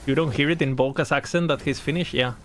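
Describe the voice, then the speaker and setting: A man's voice: a little high, steady tone, fast talker, a bit bright, slight background noise. A young man chatting casually while streaming a game, rambling, swearing and laughing often.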